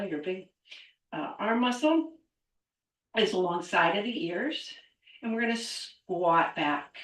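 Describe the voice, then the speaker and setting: A woman's voice: on the low side, far from the mic. A middle-aged woman teaching a qigong class, counting aloud and cueing movements while a little out of breath. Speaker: qigong instructor. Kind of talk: guided exercise class. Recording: echoey room, voice away from mic.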